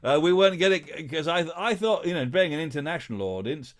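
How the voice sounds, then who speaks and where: A man hosts a live online quiz, his voice rising and falling a lot as he talks. He chats in a halting, filler-heavy way and plays along with viewers' guesses. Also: on the high side, expressive. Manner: chatty, halting, full of filler sounds; playful, reads out viewer guesses. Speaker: host of a live-streamed show.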